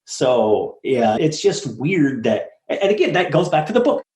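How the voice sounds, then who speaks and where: Animated, blunt man in an echoey room. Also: mid-range voice, unhurried. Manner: animated storyteller, blunt and profane, acts out quoted voices. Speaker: guest, apartment syndicator. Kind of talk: casual interview talk.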